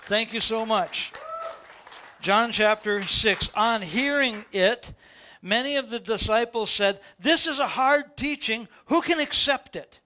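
An older man preaches a sermon from the pulpit, his voice pitched high and ringing bright. He drives his points home with repeated, rising questions to the congregation. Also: slow pace. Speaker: pastor. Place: church sanctuary before a congregation.

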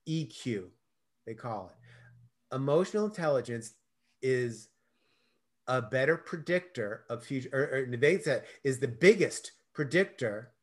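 A middle-aged man, a guest in an interview, telling stories expressively and acting out the dialogue. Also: mid-range voice. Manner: expressive storyteller, acts out dialogue. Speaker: guest, self-love coach. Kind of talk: animated conversational interview.

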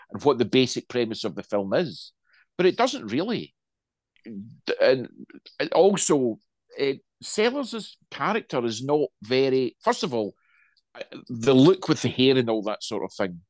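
A man's voice: medium pitch, no room sound. A middle-aged man co-hosting a podcast, reviewing a film in casual chat, rambling and wry, with frequent restarts.

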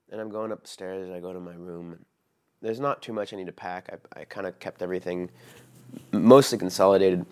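A man's voice: low voice, steady tone, fairly quick, a little mellow, clear, resonant tone. A young man casually recounting a personal story, rambling with frequent fillers and swearing. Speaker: vlogger telling a personal story.

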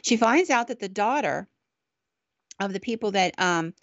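A woman's voice: medium pitch, animated, normal speed, no echo. A woman podcast host casually telling a ghost story in a chatty, conversational way, on a dull, dry recording.

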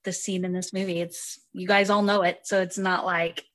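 A woman's voice: lowish voice, level tone, moderate pace, a bit bright. A woman in her thirties co-hosting a podcast, chatting casually with frequent fillers and laughs. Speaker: podcast co-host. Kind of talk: casual chat.

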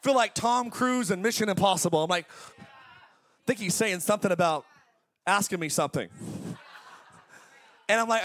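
High-voiced energetic preacher man in his forties. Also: moderate pace, long pauses. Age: 40s. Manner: energetic, conversational preaching with jokes. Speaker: pastor. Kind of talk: sermon.

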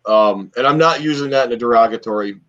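A man and former wrestler, co-hosting a podcast, telling long stories in a rambling, animated way with lots of fillers. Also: mid-range voice, fast. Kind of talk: casual storytelling chat. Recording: dull lo-fi podcast audio.

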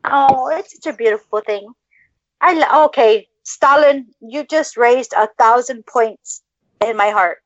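A woman with a high voice hosts a casual podcast chat, gushing and effusive. Her sound is dull and lo-fi, with a dry, close feel. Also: a little slow, dry recording. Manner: gushing, effusive baby talk to pets. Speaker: podcast host.

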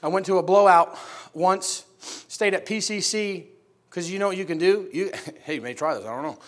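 A high-pitched man preaches with dramatic storytelling, dropping to hushed tones and then shouting. He is a preacher from upstate New York, bold and emphatic. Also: moderate pace. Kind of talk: sermon storytelling.

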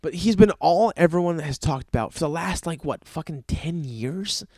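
A man's voice: a little high, expressive, moderate pace, darkish tone, dry recording. A man who works at a restaurant, delivering a profane, exasperated rant full of stammers and restarts. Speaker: restaurant server. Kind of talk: ranting comedic monologue.

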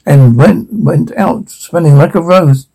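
Gravelly guy reading a rhymey kids story, husky, playful, trips over words sometimes. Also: a little high, takes it slowly, mellow, rough recording. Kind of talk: reading rhyming children's story aloud.

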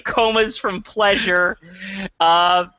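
A man's voice: high voice, steady tone, slow pace, bright, forceful tone, clean tone, dry recording, muffled recording. A man co-hosting a podcast, recapping a film in a rambling, casual way full of fillers. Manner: rambling, filler-heavy retelling with chuckles. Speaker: podcast co-host. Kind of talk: casual comedic movie review.

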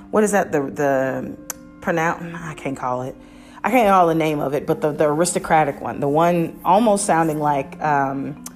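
Low-voiced opinionated woman podcaster. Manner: chatty, opinionated, many restarts and asides. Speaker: podcast host. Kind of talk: casual review chat.

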